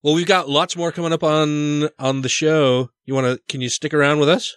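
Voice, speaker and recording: A man's voice: on the high side, level tone, brisk, fairly bright tone, smooth, no room sound, clean studio sound. A man hosting a podcast, casual and questioning in conversation. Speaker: podcast host. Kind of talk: casual chat.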